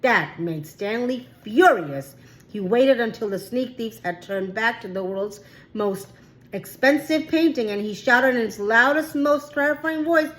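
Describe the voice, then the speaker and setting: A woman's voice: a little high, lively intonation, a little slow, fairly bright tone, rough recording. A woman reading a children's chapter book aloud with careful storytelling. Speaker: read-aloud host.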